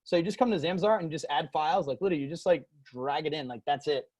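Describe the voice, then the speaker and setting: A man hosting a casual screen-share software tutorial, loose and rambling, full of fillers. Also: fairly high pitch, fast talker.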